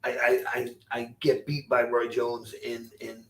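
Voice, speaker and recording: A man in his sixties, a former boxer, telling stories as an interview guest in a halting, rueful way, often repeating his words. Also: medium pitch, completely flat delivery, recorded from a distance. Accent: Rhode Island. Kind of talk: storytelling interview.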